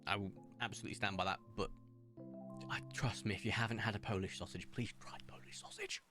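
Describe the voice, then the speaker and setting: Young english streamer, lowish voice, rambling chat, faint music under it. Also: male voice, steady tone, fast talker. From England. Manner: chatty, enthusiastic, rambling, laughs often. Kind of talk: casual stream chatter while gaming.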